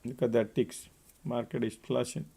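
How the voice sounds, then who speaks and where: A man's voice: medium pitch, level tone, normal speed, vocal fry, mellow, breathy edge. A man hosting a live trading stream, giving casual market commentary and chatting with viewers by name.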